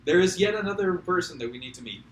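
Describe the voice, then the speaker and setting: A man co-hosting a video game let's play, excitable and given to dramatic outbursts, in a roomy, echoing recording. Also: high-pitched, fast, slight background noise. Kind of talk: casual gaming chat. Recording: roomy echo.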